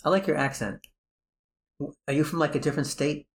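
A man's voice: fairly high pitch, fairly even intonation, a little fast. A podcast host with a New York accent, chatting casually, rambling and joking as he keeps correcting himself. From New Jersey, US.

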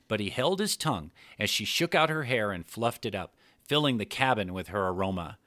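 A man narrating an adult fiction story in a measured storytelling manner. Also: lowish voice, lively intonation, pushed and bright, no room sound.

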